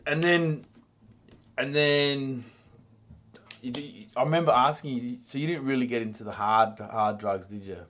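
A man's voice: medium pitch, normal speed, fairly bright tone. A man hosting a podcast, chatting casually, swearing and chiming in with his own memories. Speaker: podcast host. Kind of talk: casual interview chat.

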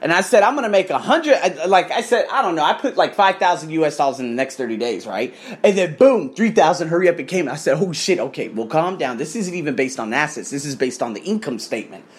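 A man in his thirties rants into the camera in a casual vlog, his pitch swinging widely as he acts out the people in his story. His talk is full of swearing and loud, expressive bursts. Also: fast talker, hardly any pauses. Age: 30s. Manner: animated, profane storytelling with mimicked voices. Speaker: coach. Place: abroad in Thailand.

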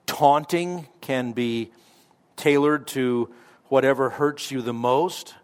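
A man's voice: medium pitch, takes it slowly, smooth. Man preaching an emphatic radio sermon. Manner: conversational, emphatic on key words. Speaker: pastor.

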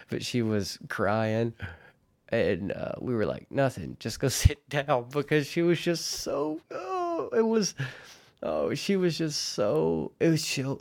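A man's voice: lowish voice, darkish tone. A man hosting a casual solo podcast, telling a story in a chatty, rambling way and laughing at himself.

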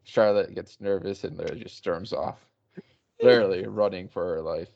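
A man's voice: deep voice, normal speed, gravelly, a little mellow. A man chatting casually and narrating a comic with loose fillers. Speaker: co-host reading a comic aloud. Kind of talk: casual chat. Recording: dull lo-fi recording.

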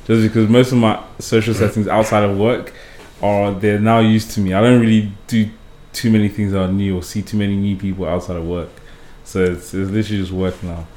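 A man's voice: lowish voice, brisk, roomy sound. A man with a British accent, chatting casually as a podcast guest, laughing often and teasing. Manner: laughs often, says "bro" a lot, animated teasing.

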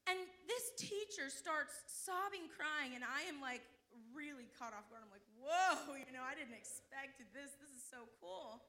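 Bright, high-voiced fervent woman preacher. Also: animated, unhurried, hardly any pauses. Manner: fervent, swings from hushed storytelling to loud cries of praise; exclaims calls to the congregation. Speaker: church speaker giving testimony. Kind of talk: Pentecostal sermon testimony.

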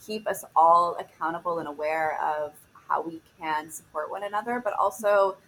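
A woman's voice: on the low side, moderate pace, fairly bright tone, rough recording. A woman fitness instructor, a guest on a podcast, talking in an earnest, motivational way and searching for her words. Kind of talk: casual podcast conversation.

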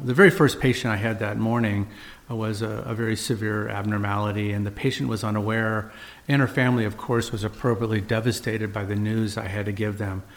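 A middle-aged man, a physician and host, telling a personal story in an earnest, measured way with frequent uhs and restarts. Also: lowish voice.

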